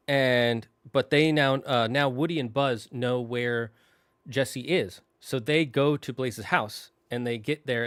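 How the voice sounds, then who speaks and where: A man's voice: medium pitch, a bit bright, clean tone, no echo, studio quality. A male host casually retelling a movie's plot, rambling with fillers and acting out the characters' lines. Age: adult, married. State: tearing up at times. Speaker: show host.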